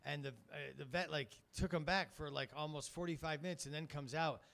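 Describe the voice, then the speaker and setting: A middle-aged male comedian with a slightly higher-than-average voice. He tells loose, rambling, profane stories, stand-up style, as the host of the show. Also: fairly quick, a bit bright.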